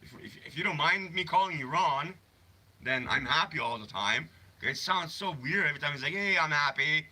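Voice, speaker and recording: A man's voice: a little high, lively intonation, fairly quick, pushed and bright, slightly rough. Rambling man chatting on a livestream. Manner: rambling, swears freely, reads and answers chat. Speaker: livestream host. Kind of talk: casual livestream chat. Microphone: phone.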